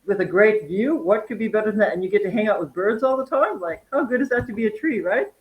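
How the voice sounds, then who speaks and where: A woman in her fifties from North Dakota, a guest chatting casually about her wellness farm, animated and full of fillers and laughs. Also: mid-range voice, fast, highs cut off. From North Dakota, USA. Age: 50s. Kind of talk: casual interview chat.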